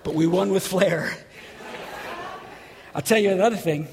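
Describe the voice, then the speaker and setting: Male pastor, very high and raspy-edged, lively storyteller, reverberant church hall. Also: unhurried, a little hiss or hum. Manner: animated, shouts at story peaks. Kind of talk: sermon with storytelling.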